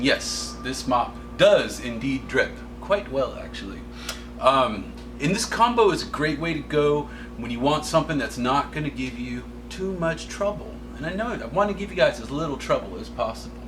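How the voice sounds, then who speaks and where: A man's voice: medium pitch, a bit bright. Laid-back man in a noisy warehouse. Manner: laid-back, slangy and joking. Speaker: art supply shop demonstrator. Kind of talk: casual demo video talk.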